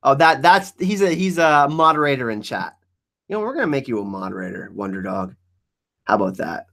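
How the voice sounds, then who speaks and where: A man's voice: mid-range voice, a little fast, creaky. A man hosting a live stream, chatting casually and joking as he answers viewers in the chat. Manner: animated, joking, reacting to chat.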